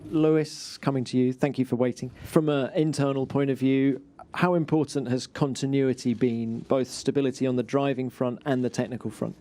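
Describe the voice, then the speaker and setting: Male moderator, smooth and formal, dark mellow timbre. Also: medium pitch, fairly even intonation, moderate pace, hardly any pauses. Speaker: press conference moderator. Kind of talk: formal questioning.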